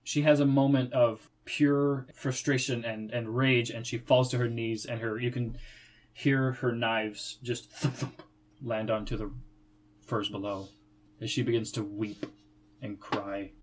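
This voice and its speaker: A man's voice: medium pitch, flat delivery, unhurried, low-quality recording. A man narrating a tabletop game as game master, describing the scenes in a casual way.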